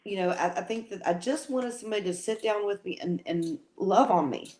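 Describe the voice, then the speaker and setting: A woman's voice: medium pitch, a little fast, darkish tone. A middle-aged woman co-hosting a live chat, talking in a heartfelt way that repeats phrases, with playful teasing. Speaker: co-host.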